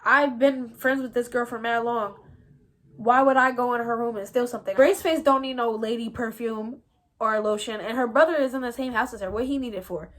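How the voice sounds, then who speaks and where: A young woman, casually telling a story to her viewers in a slangy, animated way and often calling out to them as y'all. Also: a little high, fairly quick. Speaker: vlogger.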